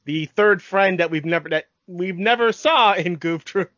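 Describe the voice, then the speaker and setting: A man in his thirties co-hosts a podcast in an easygoing way and explains points with examples. His voice sits fairly high. The sound is dry, dull and lo-fi. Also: unhurried, sharp tone, no room sound. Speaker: podcast co-host. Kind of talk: casual chat.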